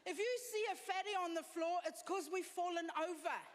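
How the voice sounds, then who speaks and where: A high-voiced woman with a South African accent delivers blunt, self-deprecating stand-up. Her voice rings with the long reverb of a live venue, with faint noise in the room. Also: moderate pace. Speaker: stand-up comedian. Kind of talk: stand-up comedy set. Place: comedy stage before an audience.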